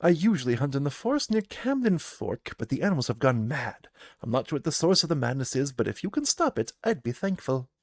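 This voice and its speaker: A man voicing a gruff human woman trapper who talks in old-fashioned phrases with an accent that is hard to place, as part of a solo tabletop game. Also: medium pitch, big pitch swings, brisk, dry recording.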